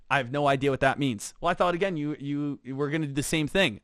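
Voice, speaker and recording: A man with a high, bright-sitting voice runs an energetic trading lesson, peppering it with "right?" and "again". The sound is dry and close. He slips into quick put-on voices for imagined students. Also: no echo. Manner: rhetorical "right?" and repeated "again". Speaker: trading instructor. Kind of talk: energetic teaching talk.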